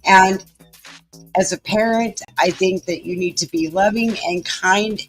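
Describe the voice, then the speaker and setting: A woman's voice: mid-range voice, measured pace, soft background music. A woman with a Southern US accent hosting a live stream from home, chatting folksily with viewers. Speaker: livestream host. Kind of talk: casual live commentary.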